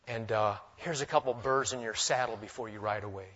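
A man preaching a sermon, swinging between loud emphasis and hushed, humorous asides. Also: fairly low pitch, fairly quick, hardly any pauses. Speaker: pastor. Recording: dull lo-fi recording.

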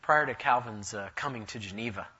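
A man preaching a sermon, telling a story in an animated way, his voice rising and swelling for emphasis. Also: on the low side, brisk, husky, lo-fi sound.

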